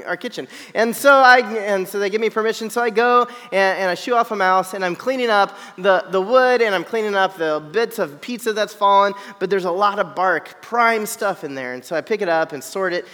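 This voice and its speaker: High-voiced man telling a funny story. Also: big-room sound. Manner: animated, self-deprecating, often checks in with "right?". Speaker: speaker telling a personal story to an audience. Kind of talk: humorous storytelling.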